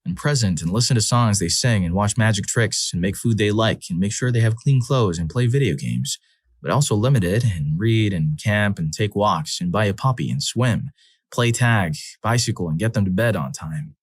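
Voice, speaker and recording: A man reading first-person stories aloud as a channel narrator, in a measured, earnest way. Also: lowish voice, animated, husky, dry recording, studio quality.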